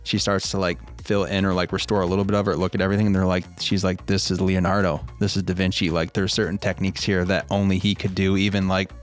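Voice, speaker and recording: A man with a very low voice and a flat, even delivery, co-hosting a podcast. He tells a long story in a loose, rambling way, swearing freely. Faint music plays behind him. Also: quick pace, hardly any pauses. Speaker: podcast co-host. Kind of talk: casual chat.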